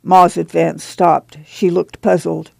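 A woman narrating an audiobook in a calm, even storytelling manner. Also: on the low side, slow, gravelly, no room sound.

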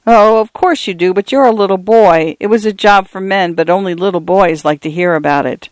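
A man voicing a proud elderly pioneer grandfather, gentle and wistful, in an audiobook. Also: high voice, no echo, lightly acted. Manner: gentle, slow.

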